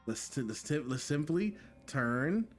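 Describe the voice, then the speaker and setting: Man, game streamer, lively swooping voice, slightly high, jokey, faint music behind. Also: a little slow. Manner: animated, jokey, exclaims and repeats himself. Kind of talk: live gameplay commentary.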